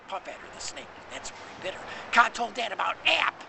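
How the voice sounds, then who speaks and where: A man's voice: sits high, big pitch swings, measured pace, creaky, hardly any pauses. A man telling a poetic story in a dramatic, swooping, word-playing way, recorded with noise behind.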